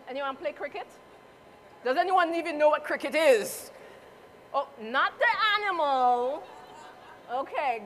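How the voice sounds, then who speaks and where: Her voice is high-pitched and a bit bright, with a little hiss or hum in the recording. Speaking with a Crucian Caribbean accent, this Saint Croix woman chats and jokes with a live audience in an event hall while demonstrating a dish.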